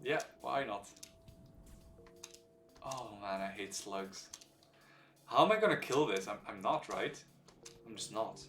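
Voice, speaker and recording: Male streamer at mid pitch talking through his game moves, captured off-mic in an echoey room with soft music underneath. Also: slow, pauses often. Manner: explains game mechanics while thinking aloud; relaxed, hesitant with many fillers. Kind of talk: live gameplay commentary. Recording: roomy sound from a distant mic, faint background music.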